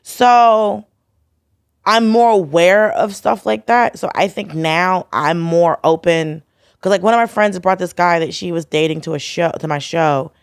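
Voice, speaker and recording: A woman's voice: on the low side, measured pace, smooth, dry recording, studio quality. A woman comedian from the United States, telling stories bluntly and with energy in a casual podcast chat, acting out the dialogue she quotes. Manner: animated storytelling, acts out quoted dialogue, blunt. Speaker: guest comedian.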